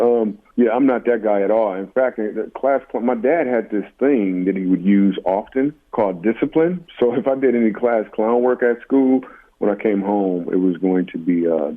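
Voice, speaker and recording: A man with a somewhat low voice tells stories in a loose, jokey way and pokes fun at himself. His voice comes through narrow and tinny, like a phone call. He talks as a guest on a chat show. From Michigan, USA. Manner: animated, jokey, self-deprecating. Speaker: comedian guest. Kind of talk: casual interview storytelling.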